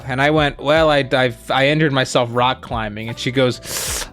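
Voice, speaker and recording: A young man casually telling a story as a co-host, rambling with lots of fillers and quoting people in animated bursts. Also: mid-range voice, normal speed, clean tone, faint music behind.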